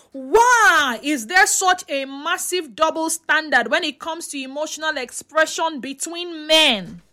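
A woman's voice: extremely high pitch, bright, forceful tone. A Nigerian woman giving chatty vlog commentary, mixing in pidgin and throwing out rhetorical questions. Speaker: social media commentator.

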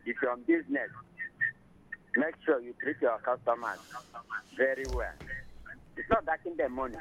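A man's voice: mid-range voice, moderate pace, a little hiss or hum. A man with a Nigerian accent calling in to give advice, talking emphatically and mixing in pidgin. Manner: emphatic, loud, mixes pidgin. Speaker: caller. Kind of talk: phone-in advice. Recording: muffled phone line.

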